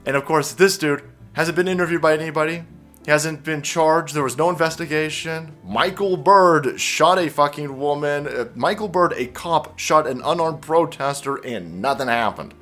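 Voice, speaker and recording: A man's voice: a little high, moderate pace, fairly bright tone, soft background music. A man ranting as an online commentator, profane, sarcastic and heated. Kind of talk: political commentary rant.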